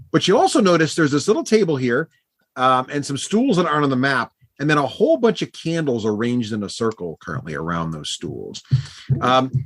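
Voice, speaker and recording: A man narrating a tabletop game as game master, relaxed and hesitant, with lots of fillers. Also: medium pitch, no room sound, clean studio sound.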